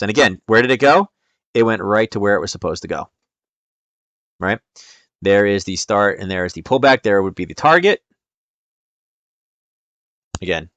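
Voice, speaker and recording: A man's voice: lowish voice, pushed and bright, dry recording. A man hosting a live trading stream, walking through charts in a chatty, step-by-step way with frequent ums.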